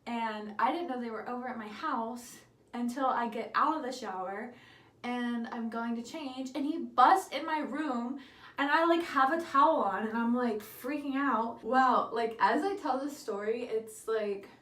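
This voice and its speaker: A woman's voice: a little high, animated, measured pace, fairly bright tone, echoey room. A young woman casually telling a story while doing her makeup, candid and giggly, swearing freely. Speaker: beauty vlogger.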